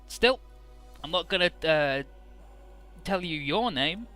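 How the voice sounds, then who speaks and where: A man's voice: a little high, expressive, slow, pushed and bright, soft background music, pitched above the performer's own voice, exaggerated voice. A man voicing a gloating male cyborg villain who taunts and cackles, for a game. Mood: menacing.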